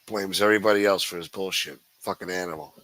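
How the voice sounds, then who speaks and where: A man's voice: sits low, fairly even intonation, quick pace, fairly bright tone, no room sound, low-quality recording. A man hosting a livestream, ranting with constant profanity in a sneering, contemptuous way. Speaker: livestream host.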